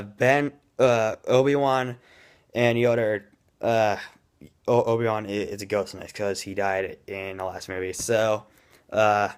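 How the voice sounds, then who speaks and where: Rambling, excitable man reviewing a movie. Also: fairly low pitch, clean tone. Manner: excitable and rambling, admits he talks fast.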